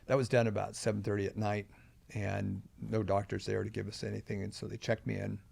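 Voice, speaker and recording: Gravelly older man telling his story. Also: on the low side, little pitch movement, a little fast, a little mellow, no room sound. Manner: earnest, emphatic at key moments. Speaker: podcast guest. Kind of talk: personal storytelling in an interview.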